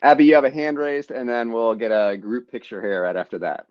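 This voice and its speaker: A man hosting a live online forum, moderating in a relaxed, conversational way. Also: mid-range voice, fairly quick, no room sound. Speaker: host. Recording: dry, lo-fi video call audio.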